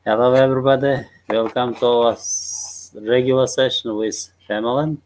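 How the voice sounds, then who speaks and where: Man hosting online session, quick welcome, mid pitch. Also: fairly even intonation, darkish tone, a little hiss or hum, low-quality recording. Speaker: seminar host. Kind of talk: brief welcome introduction. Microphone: video call.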